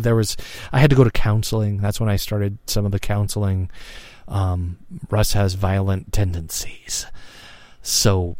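A man's voice: on the low side, darkish tone, no echo. A man of fifty telling a personal story in a frank, reflective monologue, swearing freely and often restarting his sentences. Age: 50s. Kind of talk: candid spoken monologue.

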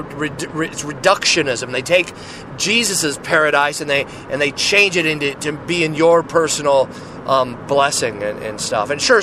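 An earnest man preaches informally outside, his slightly raised voice running on in restarts and repeated "you know". Car traffic and street noise carry clearly behind him. He sounds loose and heartfelt, more like a testimony than a formal sermon. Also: a little high. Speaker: Christian speaker sharing testimony. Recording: noisy street with passing cars.

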